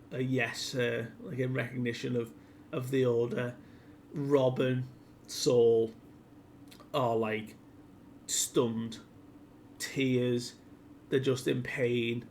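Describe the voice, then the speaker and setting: A man reviewing a comic chapter in a relaxed, slow way, retelling scenes animatedly and peppering them with "like". His speech is unhurried and chatty. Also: medium pitch, slight background noise. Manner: animated retelling full of filler "like". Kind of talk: casual chapter recap.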